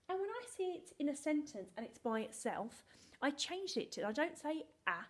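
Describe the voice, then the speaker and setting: A woman's voice: high voice, very animated, moderate pace. A woman teaching a recorded phonics lesson to young children, sounding words out letter by letter in a playful, sing-song way and pretending to need their help. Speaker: primary school teacher.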